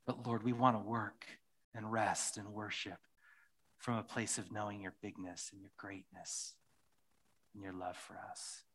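A man's voice: on the low side, little pitch movement, measured pace, a bit bright. A man preaching a sermon and leading a closing prayer, speaking earnestly and often repeating phrases. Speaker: pastor.

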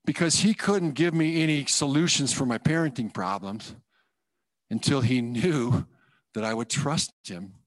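Man telling a lively testimony sermon. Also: medium pitch, measured pace, no echo. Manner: animated storyteller acting out his own quoted thoughts, self-deprecating. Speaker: guest speaker giving testimony.

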